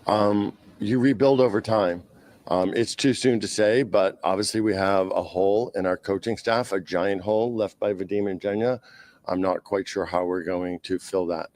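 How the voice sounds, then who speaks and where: A man with a Boston accent, speaking for a skating club at a press conference, pausing often with "uh" and "um". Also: fairly low pitch, steady tone, a little mellow, no echo. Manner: halting, frequent "uh" and "um".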